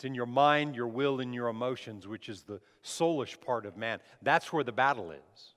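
A man's voice: medium pitch, moderate pace, a bit bright. Guy preaching loose and chatty, lots of restarts, big reverby hall. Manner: conversational preaching with frequent restarts. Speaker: pastor. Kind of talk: sermon.

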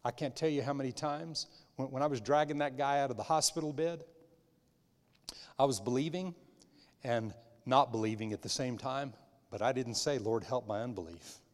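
A middle-aged man preaching in a church, his voice sitting at an ordinary pitch. He talks conversationally, restarting phrases, then rises to loud, emphatic bursts before dropping to quiet asides. A long reverb hangs on every word. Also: normal speed, pauses often. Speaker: pastor. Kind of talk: sermon. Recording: long reverb of a large hall.

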